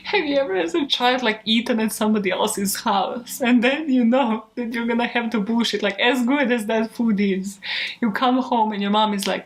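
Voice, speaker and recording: Young woman, fairly high voice, casual vlog chatter, swears a lot, giggles, desk mic at home. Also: normal speed. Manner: profane, giggly, self-mocking. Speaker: true crime YouTuber. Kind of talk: casual outtake chatter to camera. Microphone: desk microphone.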